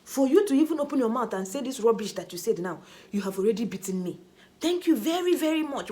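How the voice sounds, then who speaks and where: A woman's voice: high-pitched, a little mellow, voice pushed up. A woman with a Nigerian accent voicing her wounded, reproachful mother, who pleads her case. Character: older mother, wounded and scolding.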